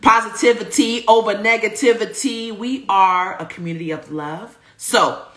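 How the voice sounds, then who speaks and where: A woman hosts a live show with a bright, forceful voice, hyped and playful as she reads out viewer comments. She talks over a video call, pitch sitting in a middle range. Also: steady tone, moderate pace. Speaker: host. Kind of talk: livestream hosting.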